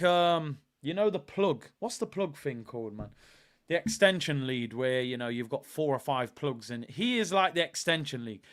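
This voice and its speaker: A man's voice: on the high side, fairly bright tone. A man hosting a live football watch-along stream, talking emphatically in casual chat, repeating lines for effect and answering viewers' comments.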